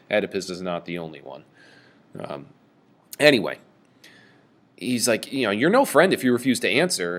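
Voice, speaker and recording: A man giving a lecture on a play, reading lines aloud and explaining them in an animated, casual way. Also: low-pitched. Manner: animated, reads quoted lines with raised voice. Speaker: teacher.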